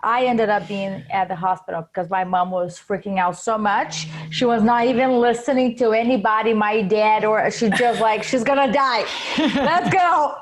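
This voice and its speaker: A woman's voice: mid-range voice, fairly even intonation, normal speed, few pauses, a little hiss or hum, poor audio. A woman from Brazil co-hosting a podcast, chatting casually with playful asides. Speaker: podcast co-host.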